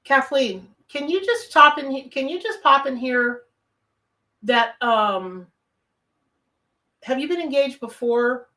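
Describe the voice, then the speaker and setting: A woman's voice: high voice, slow pace, pauses often, bright, forceful tone, far from the mic, low-quality recording. A woman from the American South with a Southern accent, hosting a live tarot reading and chatting casually with viewers as she reads their comments. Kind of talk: live-stream chat and reading.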